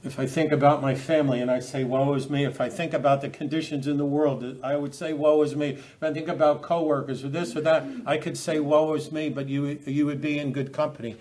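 Male preacher, higher than average pitch, halting delivery with frequent restarts, scripture-heavy sermon. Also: level tone, darkish tone. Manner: halting, repeats words, quotes scripture with rising emphasis.

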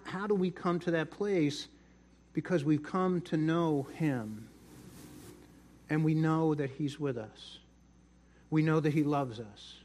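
A man's voice: on the high side, a little mellow. A middle-aged man preaching a sermon, telling a personal story in a chatty way and often repeating words. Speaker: pastor.

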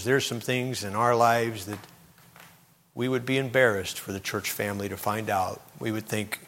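A man's voice: fairly low pitch, brisk. Man preaching a sermon in an echoing church. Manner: dramatic storytelling, swinging between loud and hushed. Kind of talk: sermon with a told story.

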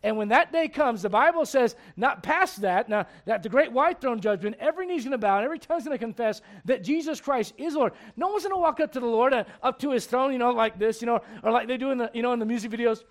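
Preacher man with a really high voice, emphatic, keeps asking can i say this, goes loud then quiet. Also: animated, fast, hardly any pauses. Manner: emphatic, many rhetorical questions; swings between loud urgency and hushed gravity. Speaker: pastor. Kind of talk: sermon.

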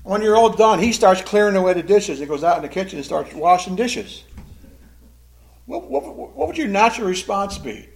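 A man teaching a Sunday school sermon, animated, acting out the quoted voices in the story. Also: high voice, moderate pace, vocal fry.

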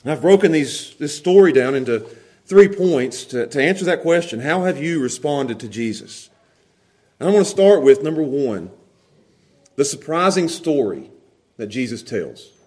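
A man preaching a sermon, animated, laughing often and repeating words as he goes. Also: a little high, moderate pace. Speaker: pastor.

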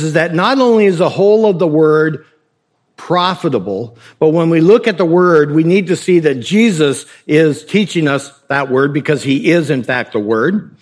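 Man preaching with a raised pitch. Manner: conversational preaching with rhetorical questions and humor. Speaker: pastor. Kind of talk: sermon.

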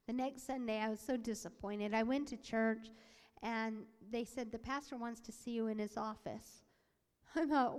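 A woman's voice: on the high side, steady tone, normal speed, darkish tone, clear, resonant tone. A woman voicing a preacher's sermon and personal testimony, telling the story with animation, acting out the quoted voices and sometimes dropping to a whisper. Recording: long hall reverb.

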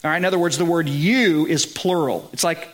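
A man's voice: fairly high pitch, fairly quick. A man with a Southern US accent preaching a sermon in a conversational way, often checking in with his listeners and rising to emphatic peaks. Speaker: pastor.

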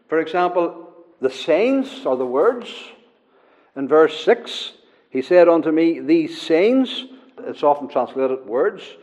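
A man preaching a sermon, slow and emphatic, repeating key words for weight. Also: on the high side, darkish tone. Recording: dull lo-fi recording in a long-reverb hall.

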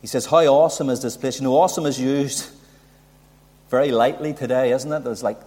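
Animated preacher in a reverberant hall. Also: male voice, mid-range voice, fairly quick. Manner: animated, rising emphasis and rhetorical questions. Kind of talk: sermon.

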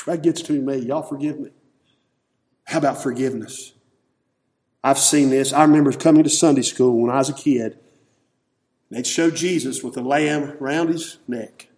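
A man preaching an emotional sermon in a church, swinging from loud calls to hushed, tender lines. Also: a little high, normal speed, long pauses. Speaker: pastor. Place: church sanctuary.

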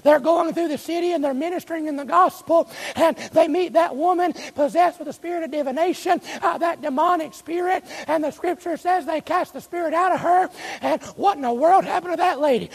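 A man delivers a sermon with a gravelly edge to his voice. He is emphatic, keeps asking the congregation questions, and drags out the words he wants to land. The sound rings with the long echo of a church hall. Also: extremely high pitch. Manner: slows and stretches key phrases. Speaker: preacher. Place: church sanctuary.

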